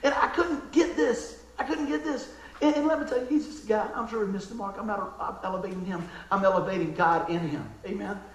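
A man's voice: high-pitched, a little fast, a little hiss or hum. Man, pastor preaching, folksy and fervent, roomy echo. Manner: fervent, folksy, calls for amens. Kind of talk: sermon.

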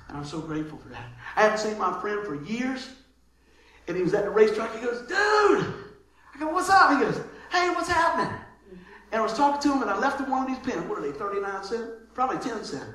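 A male pastor preaching a casual, animated sermon, telling stories with frequent laughter and repeated words. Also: high voice, fast. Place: church. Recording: very echoey church room.

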